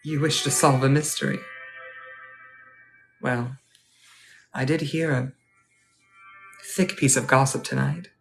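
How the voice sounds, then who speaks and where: A man playing a polite, wistful Edwardian gentleman at a ball, speaking formally and courteously in a live role-play. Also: mid-range voice, fairly even intonation, slow, vocal fry, pauses often, soft background music. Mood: genteel. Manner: formal, courteous, old-fashioned phrasing.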